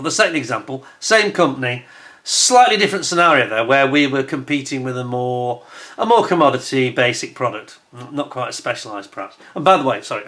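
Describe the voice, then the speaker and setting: A middle-aged man talks through his business stories to camera in a loose, conversational way. He speaks at a middle pitch, drops confident asides and acts out what others said to him. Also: fairly bright tone. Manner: chatty, repeats "he said", acts out quoted dialogue; self-assured, conversational asides. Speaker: channel host giving business advice. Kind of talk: casual anecdotal storytelling to camera.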